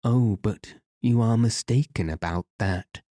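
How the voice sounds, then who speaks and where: A man reading the part of an earnest, eager grown man calling out to his long-lost brother. The voice stays low and dark, like a storybook read aloud. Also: unhurried, no room sound, clean studio sound, close to an everyday voice.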